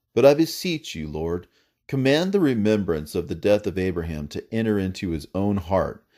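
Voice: a man voicing a humble male archangel. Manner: earnest, pleading, rising and falling. Pitch: low. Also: dark tone.

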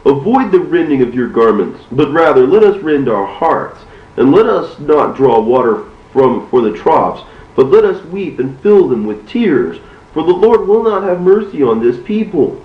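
A man voicing a grieving old prophet, earnest and pleading, his pitch rising, in a roomy, distant recording. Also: big pitch swings, normal speed, muffled recording.

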